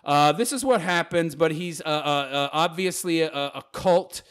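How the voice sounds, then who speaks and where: A man's voice: on the high side, measured pace, fairly bright tone, clean tone. A man reading out viewer comments and answering them in a sarcastic, mocking rant. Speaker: YouTube commentator.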